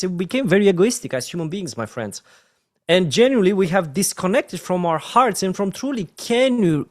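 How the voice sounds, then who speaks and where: A man with a Romanian accent giving an earnest, emotional motivational training talk on network marketing, often dropping his voice to a soft "my friends". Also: fairly high pitch, dry recording, clean studio sound.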